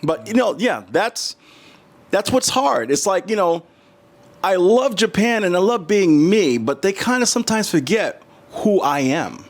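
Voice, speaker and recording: A middle-aged man from the United States tells stories in a casual interview, his voice lively and swinging up and down in pitch. His pitch sits a little high for a man. He acts out other people's voices and restarts his sentences often. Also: a little slow. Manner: animated, acts out quoted voices, many restarts. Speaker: interview guest.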